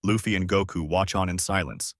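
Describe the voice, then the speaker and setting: A man's voice: low-pitched, fairly quick, dry recording. A man narrating a fan-made story for his channel in a casual storytelling voice, close to the mic. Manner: lively storytelling.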